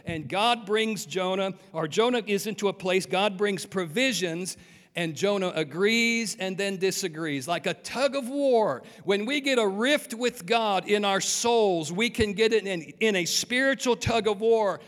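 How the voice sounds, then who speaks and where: An earnest male preacher delivers a sermon, often putting questions to his listeners. His voice sits high for a man, his pace is slow and deliberate, and the sound carries a long hall reverb. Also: lively intonation, fairly bright tone. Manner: asks the congregation rhetorical questions, earnest.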